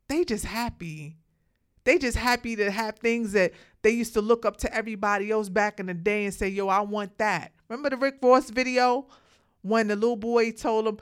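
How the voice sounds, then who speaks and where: Talking straight to her viewers, a woman delivers a casual, outspoken monologue, calling them "hunties" and preaching about letting people be happy. She has the hiccups and mentions it. Her voice is fairly high, clear, and resonant.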